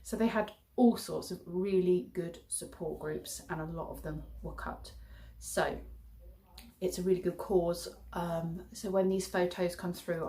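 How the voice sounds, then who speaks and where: A middle-aged English woman chatting casually to her viewers in a rambling vlog sign-off. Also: fairly low pitch. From England. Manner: chatty, rambling, warm-hearted, chuckling. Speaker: childminder and vlogger.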